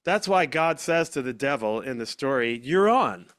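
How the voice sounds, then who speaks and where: A man's voice: mid-range voice, animated, normal speed, fairly bright tone, clear, resonant tone, no echo. Man, podcast host, blunt, emphatic, dry close sound. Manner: blunt, emphatic, acts out quoted voices. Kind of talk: casual conversation.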